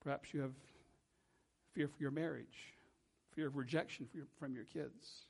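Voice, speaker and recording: Earnest male pastor with a gravelly voice. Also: medium pitch, fairly even intonation. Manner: earnest, measured, slows and drops soft for emphasis. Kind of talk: sermon. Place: church.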